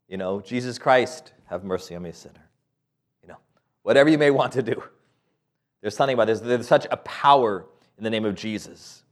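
A man's voice: lowish voice, brisk. A man preaching a sermon in a conversational, playful way, full of rhetorical questions and light laughs.

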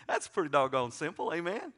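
A middle-aged man preaching a sermon, folksy and joking, swinging from loud to quiet asides. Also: fairly high pitch, sing-song, moderate pace. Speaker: pastor.

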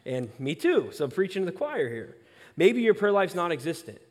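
A young male pastor preaching a sermon, telling a personal story with animated, self-aware asides. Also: sits high, fairly quick, big-room sound.

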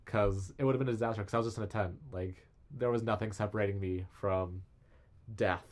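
A young man chats casually, spinning animated travel stories and slipping into little voices when he quotes people. His voice sits low for a man. He talks like a relaxed podcast guest. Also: fairly quick. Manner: animated storyteller, acts out quotes. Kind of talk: casual chat.

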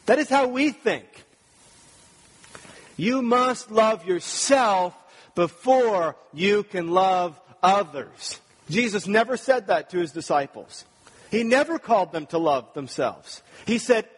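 A man's voice: high voice, lively intonation, measured pace, slightly rough. A man preaching a sermon, earnest and talking to the congregation with rhetorical questions. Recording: long reverb of a large hall.

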